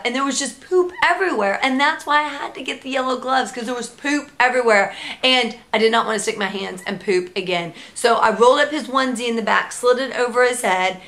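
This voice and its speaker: A young woman vlogging about her baby, chatty and animated, slipping into sing-song baby talk. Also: on the high side, gravelly. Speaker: mom vlogger, founder of a parenting blog. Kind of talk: casual storytelling vlog.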